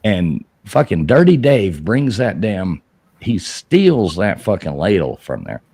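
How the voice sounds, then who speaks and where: A man with a low, deep voice and a lively pitch that swings up when he shouts quoted lines. He tells a rambling, profane story on a live show and laughs as he goes. The sound is close and dry. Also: slow pace, breathy edge, no echo. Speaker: show host telling a story. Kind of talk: casual live-stream storytelling.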